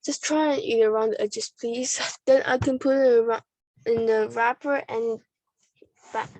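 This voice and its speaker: Lady reading as a big jolly shopkeeper guy, kind and fatherly, kinda slow, a bit muddled. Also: a little high, fairly even intonation, no echo. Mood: kindly. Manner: warm, fatherly, a little muddled.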